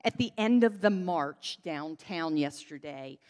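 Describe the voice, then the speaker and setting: A woman's voice: low-pitched, lively intonation, a little slow, a little mellow. A woman giving a children's sermon into a handheld microphone in a church sanctuary, leading the congregation in call-and-response. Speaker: pastor giving a children's message. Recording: long church reverb.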